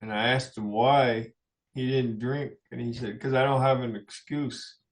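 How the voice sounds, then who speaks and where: A middle-aged man speaks as a guest in a radio studio. His voice sits in an ordinary middle pitch, and he tells personal stories in a loose, rambling way. He breaks into small chuckles as he talks. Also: fairly even intonation, measured pace. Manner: rambling anecdotes with frequent chuckles. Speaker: musician guest. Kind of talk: personal storytelling in a radio interview.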